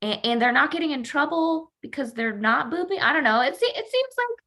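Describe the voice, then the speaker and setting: A woman with a bright, forceful tone and a fairly high voice. She chats on a podcast as a guest, joking and acting out reactions. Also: brisk. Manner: jokey, expressive, acts out reactions. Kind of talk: casual podcast chat.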